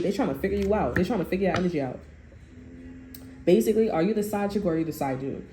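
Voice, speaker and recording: Speaking fast in a lowish, warm and animated voice, this tarot reader is blunt and curses freely during a casual reading, mimicking other people loudly. The room sounds roomy, with faint music and a little hiss or hum.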